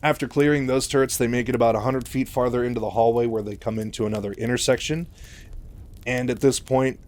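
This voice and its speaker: A man's voice: mid-range voice, darkish tone. A man casually retelling a novel in a loose, chatty way, full of fillers. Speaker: storyteller.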